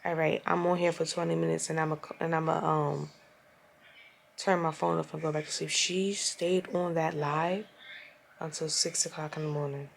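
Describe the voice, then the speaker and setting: Exasperated young woman with a gravelly voice. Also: sits low, moderate pace, slight background noise. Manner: exasperated, profane, animated retelling. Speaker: vlogger. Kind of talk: casual storytime rant.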